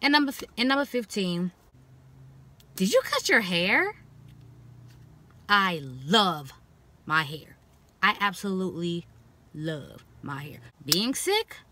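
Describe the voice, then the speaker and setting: A young woman talks straight to the camera in a casual vlog, blunt and frank. Her voice is bright and carries well, and she acts out other people's remarks in lively, mocking tones. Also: lowish voice. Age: young adult. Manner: animated, expressive, quoting others in mocking voices. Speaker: vlogger.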